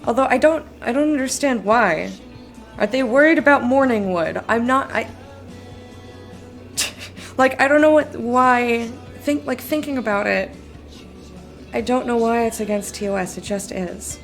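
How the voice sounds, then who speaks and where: A woman's voice: fairly high pitch, unhurried, creaky, pauses often, faint music behind. A tired woman chatting casually on a live stream, rambling, laughing often and answering her chat. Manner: giggly, rambling, reads chat aloud. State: sleepy.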